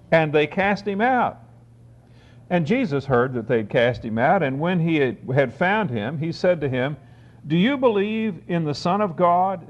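A man giving a sermon, reading scripture aloud and explaining it, slowing down to stress key phrases. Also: on the high side. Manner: deliberate, slows for emphasis on key phrases. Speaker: preacher. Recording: dull lo-fi recording.

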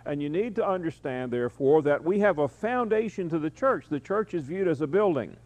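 A man preaching an evening Bible-study sermon, teaching verse by verse and pausing often on "uh". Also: fairly high pitch, expressive, a little mellow. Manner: teaching, with frequent "uh" pauses. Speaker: pastor.

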